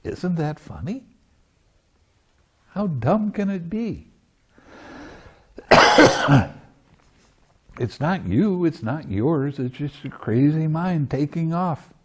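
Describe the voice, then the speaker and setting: A man's voice: fairly high pitch, big pitch swings, extremely slow, long pauses, breathy edge. A man giving a dharma talk as meditation teacher at a retreat, teaching playfully and often laughing. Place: meditation center.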